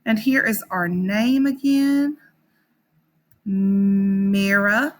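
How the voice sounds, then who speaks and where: A woman teaching a phonics lesson to young children, sounding out words slowly and encouragingly. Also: mid-range voice.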